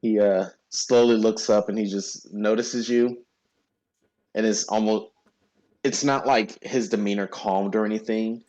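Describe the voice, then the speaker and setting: A man narrating a tabletop role-playing game as game master, describing scenes in a halting way. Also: lowish voice, steady tone, a little mellow, muffled recording.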